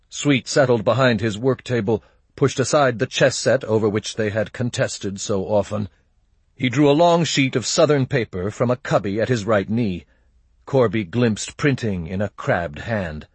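A husky male narrator reading fiction aloud in a measured, steady way. His voice is low and close to the mic, in a dry, deadened space. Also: no room sound. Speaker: audiobook narrator. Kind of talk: scripted narration.

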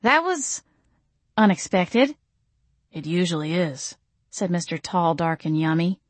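A woman's voice: fairly low pitch, dry recording. Wry woman narrating an audiobook. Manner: wry, self-deprecating. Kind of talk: first-person audiobook narration.

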